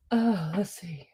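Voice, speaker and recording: A woman hosting a live online sale, tearful and crying as she talks, emotional and grateful, halting between her words. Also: medium pitch, darkish tone, breathy edge. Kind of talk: live-streamed auction chat.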